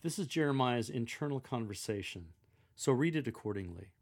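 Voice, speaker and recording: A man giving measured, deliberate instruction on how to proclaim a scripture reading aloud, speaking clearly as a lector coach. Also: medium pitch, lively intonation, a little mellow.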